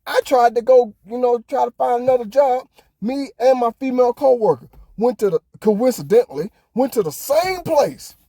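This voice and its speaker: A man's voice: very high-pitched, lively intonation, normal speed, dark tone, no echo. Fired-up ranting man, dry close sound. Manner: heated, ranting, swears often. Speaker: podcast host. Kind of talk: casual opinion monologue.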